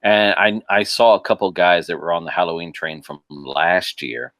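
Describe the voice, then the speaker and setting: A man with a very low voice, talking in a casual podcast chat. He is animated, laughs often and restarts his sentences. The sound is dry and close. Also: moderate pace, dry recording. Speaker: podcast guest.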